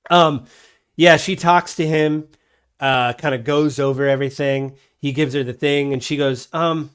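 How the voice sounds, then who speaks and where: A man's voice: on the high side, fairly even intonation, measured pace, clean tone. A man narrating a tabletop game as game master, rambling with many fillers.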